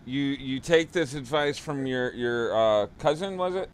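A man's voice: mid-range voice, unhurried, clear, resonant tone. A man hosting a casual interview, stumbling over repeated words and teasing his guests. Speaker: podcast host.

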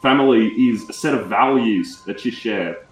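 A man's voice: mid-range voice, moderate pace, slight background noise, natural voice. An improv comedy performer playing a boastful male thief-guild leader and woodsman, smug and self-justifying, stumbling through restarts. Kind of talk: improvised comedy role-play. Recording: roomy, distant room mic.

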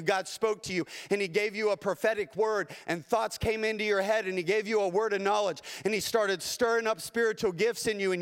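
A man's voice: sits high, fairly bright tone, clean tone, in a large hall. A man who is a pastor, preaching a sermon in an earnest, emphatic way and often repeating phrases. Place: church sanctuary.

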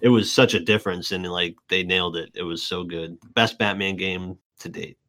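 A man's voice: sits low, fairly even intonation, normal speed, fairly bright tone, dry recording. A young man in casual chat, enthusiastic about what he loves.

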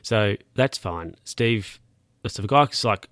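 A man's voice: fairly low pitch, expressive, slow pace, fairly bright tone, no room sound, studio quality. A man casually recapping a film scene by scene, rambling and correcting himself with plenty of fillers.

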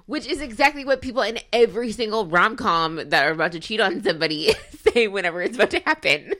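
A woman's voice: mid-range voice, fast. A young woman co-hosting a podcast, chatting casually and retelling scenes with lots of laughter. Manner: giggly, animated retelling with frequent laughs. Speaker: podcast co-host. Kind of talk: casual chat.

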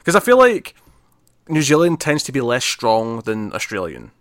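A man's voice: mid-range voice, wildly swooping pitch, moderate pace, fairly bright tone, no room sound, studio quality. A man co-hosting a casual movie review podcast, rambling and correcting himself, often laughing. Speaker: podcast co-host.

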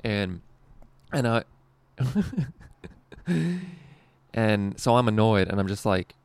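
A man's voice: fairly low pitch, animated, drawn-out words, smooth, no room sound. A man telling a rambling, profane work story casually, with a lot of laughing.

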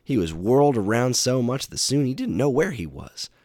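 A man reading a children's action storybook aloud in a steady, expressive way. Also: mid-range voice, moderate pace, dry recording, clean studio sound. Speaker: narrator.

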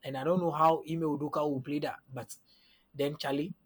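A man with a husky, somewhat raised voice gives a long analytical breakdown on a casual sports podcast. He walks through numbers and matchups in order and keeps checking whether his listeners are with him. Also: on the high side, steady tone, a little fast. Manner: analytical, often asks "you understand?".

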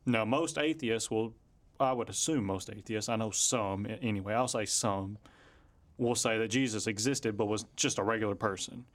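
A man's voice: fairly low pitch, normal speed. A man hosting a casual podcast discussion, laid-back and addressing listeners directly. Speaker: podcast host.

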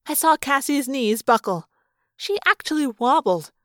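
Expressive woman reading an audiobook. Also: high-pitched, measured pace, no room sound, studio quality. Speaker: audiobook reader. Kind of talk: first-person audiobook narration.

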